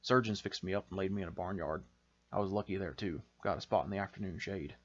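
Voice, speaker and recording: A man's voice: deep voice, quick pace, highs cut off. A man voicing a shy, sickly rural infantry veteran, with a folksy, hesitant drawl. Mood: plain.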